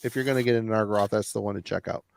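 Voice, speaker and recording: A man's voice: fairly low pitch, racing, creaky, no echo, clean studio sound. A man hosting a podcast, chatting casually about records he has been listening to, rambling and laughing at himself. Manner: laughing, self-deprecating and rambling. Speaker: podcast host. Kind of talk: casual chat.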